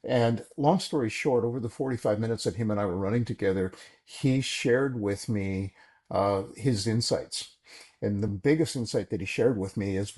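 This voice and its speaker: Husky low-voiced man telling stories. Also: moderate pace. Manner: animated anecdotes, acts out quoted dialogue. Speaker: podcast guest, former executive. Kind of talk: conversational storytelling.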